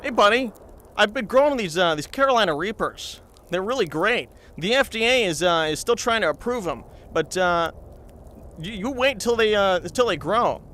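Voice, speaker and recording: A man's voice: sits high, lively intonation, normal speed, pushed and bright, slight background noise, pitched above the performer's own voice. A man putting on the voice of his eager, pushy buddy who coaxes him to try something. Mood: coaxing. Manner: coaxing, upbeat.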